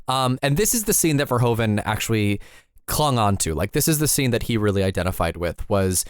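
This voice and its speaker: A man's voice: fairly low pitch, very animated, a little fast, smooth, no echo, clean studio sound. A man co-hosting a podcast, recapping a film in casual chat with wry, analytical asides. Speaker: podcast co-host.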